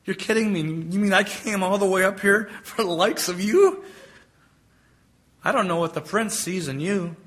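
Grouchy old storybook caterpillar, high and bright, put on by a man, grumbling and short-tempered. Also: expressive, normal speed. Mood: brash. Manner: grumbling, impatient. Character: crusty grumbling old male caterpillar, fat and sweaty.

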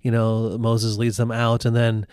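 Brief: male Bible teacher, mid-pitched, dry close sound, chatty storytelling with acted-out quotes. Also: monotone, unhurried, a little mellow, clean tone, no room sound.

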